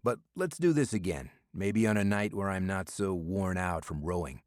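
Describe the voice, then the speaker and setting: A reserved, tired male operative, as a male narrator plays him, giving flat, understated answers. His voice sits very low, and the recording is dry and close. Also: moderate pace, no echo. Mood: weary. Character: reserved, weary male spy.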